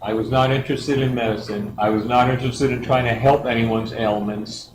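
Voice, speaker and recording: A man's voice: mid-range voice, fairly quick, few pauses. A middle-aged man giving a rambling personal story as a church guest speaker, acting out the quotes. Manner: rambling and lively, acts out quotes. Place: church hall. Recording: echoey hall with background noise.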